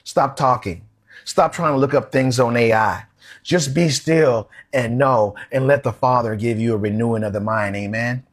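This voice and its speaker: A man's voice: mid-range voice, moderate pace. A man preaching a sermon, explaining scripture in plain, street-wise everyday talk.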